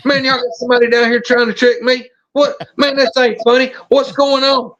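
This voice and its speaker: A man's voice: very high voice, level tone, a bit bright, muffled recording, pitched above the performer's own voice. A man putting on a panicky frightened buddy. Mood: panicked. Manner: frantic, rapid questioning.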